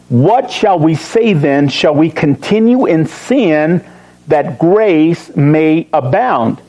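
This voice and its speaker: A man teaching a Bible study, reading verses slowly and stressing key words, with joking asides to his class. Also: fairly high pitch, a little mellow, poor audio. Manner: emphatic, slows to read verses, joking asides.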